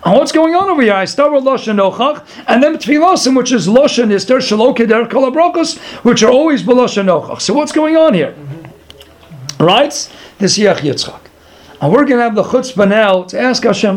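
High-voiced man giving a Torah class. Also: brisk. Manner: animated, pleading asides to God, Yiddish-Hebrew terms. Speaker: Torah teacher.

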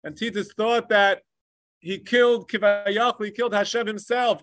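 A man teaching a Torah lecture with passion, mixing Hebrew learning terms into English and swinging between emphatic peaks and hushed asides. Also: sits high, fairly even intonation, normal speed, no room sound. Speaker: rabbi. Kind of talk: Torah lecture on the Tisha B'Av kinos.

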